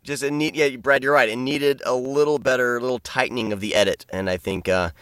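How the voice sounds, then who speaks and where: A man's voice: mid-range voice, fairly even intonation, a little fast, fairly bright tone, smooth, no echo. A man co-hosting a podcast, chatting casually and hesitantly with many restarts. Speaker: podcast co-host. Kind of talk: casual chat.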